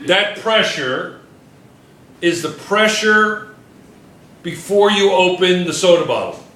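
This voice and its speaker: A man's voice: high-pitched, animated, slow pace, bright, forceful tone, roomy sound. A male chemistry teacher lecturing a classroom, firing questions at students and repeating key points.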